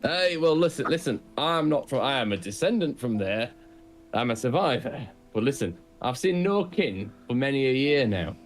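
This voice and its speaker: A man's voice: medium pitch, very animated, normal speed, faint music behind, natural voice. A man voicing an eager, nosy young male dwarf with a Scottish accent, chatty and pushy, firing off question after question in improvised tabletop role-play. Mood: eager, prying.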